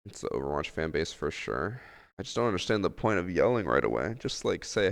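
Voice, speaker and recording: A man's voice: low voice, sing-song, a little fast, gravelly. A man streaming games live, talking in a laid-back, rambling way full of fillers. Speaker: game streamer. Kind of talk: casual live-stream chat. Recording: long room reverb.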